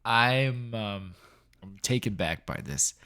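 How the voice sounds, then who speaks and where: A man's voice: on the low side, expressive, takes it slowly, sharp tone. A man co-hosting a film review podcast, talking enthusiastically and rambling with laughs. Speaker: podcast co-host. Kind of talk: casual film review chat.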